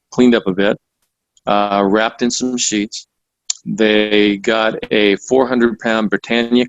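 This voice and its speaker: A man's voice: fairly low pitch, no room sound. Methodical male guest on a dull line. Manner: detailed, methodical storytelling. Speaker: author and researcher guest. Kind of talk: radio interview.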